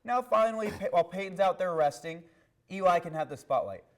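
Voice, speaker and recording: Young male co-host, opinionated sports debater, slightly higher voice, animated and repetitive. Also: fairly quick. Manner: animated, opinionated, repeats himself when making a point.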